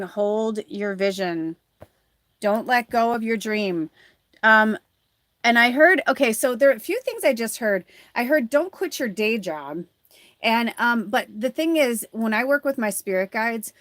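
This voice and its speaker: A woman's voice: mid-range voice, no room sound. Chatty woman giving a live card reading. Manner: chatty and rambling, thinking aloud; earnest, encouraging. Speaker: tarot reader and spiritual medium.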